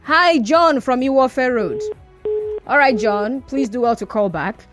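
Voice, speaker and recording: Nigerian woman, phone-in host, firm and brisk, slightly high voice, faint music under. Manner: brisk, firm, argues back at callers. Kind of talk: call-in radio talk.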